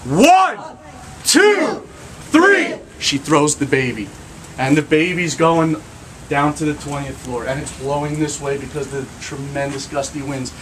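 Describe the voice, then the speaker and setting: A man telling a lively joke story to a group, shouting out the characters' lines. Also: medium pitch, moderate pace. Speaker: storyteller leading a group of kids. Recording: noisy crowd recording.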